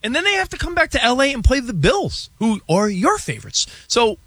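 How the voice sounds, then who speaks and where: A man co-hosting a sports radio show, chatting in an animated, excitable way and running through a team's schedule. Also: extremely high pitch, brisk, no room sound. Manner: animated, jumps between excited bursts and asides. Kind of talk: casual sports talk banter.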